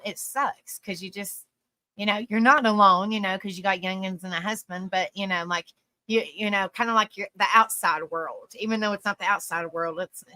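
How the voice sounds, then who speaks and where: A woman talks to her live-stream audience in a loose, heartfelt ramble, leaning on "you know" between thoughts. Her voice is bright and forward. The sound is dry and close, with no room around it. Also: medium pitch, dry recording. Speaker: live-stream panel host. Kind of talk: casual live-stream talk.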